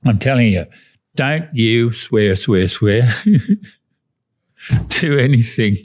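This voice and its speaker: A man's voice: medium pitch, lively intonation, drawn-out words, darkish tone. A man doing a blunt broad-Australian prime minister. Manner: blunt, commanding.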